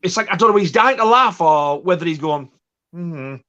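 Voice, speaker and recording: A man's voice: high voice, lively intonation, fast, pushed and bright, highs cut off. A man, co-hosting a casual film chat, blunt and dry, sometimes mimicking voices. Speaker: co-host.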